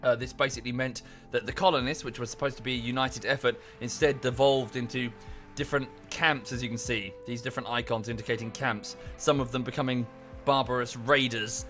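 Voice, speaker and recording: A man's voice: medium pitch, fairly bright tone. Man streaming a game. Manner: explains the game setting, thanks viewers, many fillers. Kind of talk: casual game stream commentary. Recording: faint music behind the voice.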